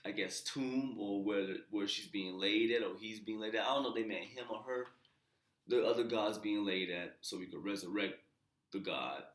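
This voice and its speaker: A man casually recapping a TV episode as a channel host, slangy and loose, with profane asides and quiet muttered side comments. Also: low voice. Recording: roomy echo.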